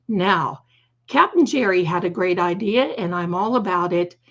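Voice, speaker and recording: Slightly hoarse woman hosting a stream, slow and chatty, kinda dull lo-fi sound. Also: fairly low pitch, animated, fairly bright tone. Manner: chatty, fond, calls viewers "my darlings". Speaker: livestream host. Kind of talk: casual livestream chat.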